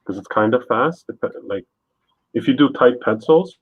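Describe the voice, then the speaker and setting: While painting on a live stream, a host chats casually with a guest, rambling and laid-back with lots of fillers. His mid-range, husky voice is expressive at a normal pace, and the dry recording sounds tinny and phone-like with no echo.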